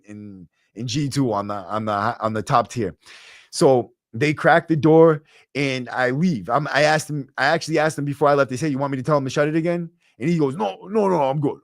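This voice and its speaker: A young man with a Boston accent tells a story in a profane, streetwise, animated way. His voice sits at an average pitch. The podcast mic sounds dry, with no room echo. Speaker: guest storyteller. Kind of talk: casual storytelling. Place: podcast studio. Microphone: podcast microphone.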